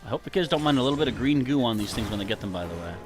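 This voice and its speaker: A man's voice: medium pitch, expressive, very fast, music in the background. A man streaming a game live, joking and mock-outraged at it as he plays. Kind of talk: casual live gaming commentary.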